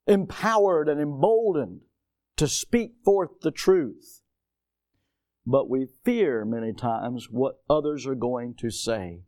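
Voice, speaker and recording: A middle-aged pastor preaching a sermon, reading scripture aloud and rising to emphatic declarations. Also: male voice, fairly high pitch, mellow.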